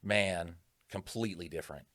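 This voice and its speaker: A man's voice: low-pitched, moderate pace, a bit bright, no echo, clean studio sound. A man co-hosting a podcast, telling rambling, profane stories in casual chat. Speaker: podcast co-host.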